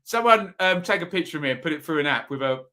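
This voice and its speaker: A man's voice: a little high, expressive, pushed and bright. A man hosting a live football predictions stream, chatting casually and reading out viewer comments. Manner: chatty, reads out viewer comments, quick asides. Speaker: football predictions show host.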